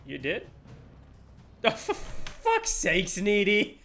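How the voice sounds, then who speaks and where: High, lively playful male streamer. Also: drawn-out words, long pauses. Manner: playful, laughing, swears casually. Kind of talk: live game-stream chatter.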